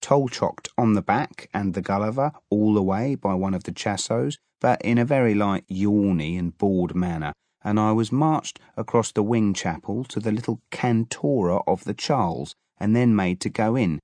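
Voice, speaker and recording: A man's voice: lowish voice, moderate pace, hardly any pauses, a little mellow, no echo. A man narrating an audiobook in a wry storytelling manner. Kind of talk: audiobook reading.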